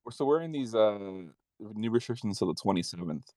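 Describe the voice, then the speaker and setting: A man's voice: fairly low pitch, mellow, no room sound. A man from California ranting in casual, heavily profane chat over a video call. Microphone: video call over the internet.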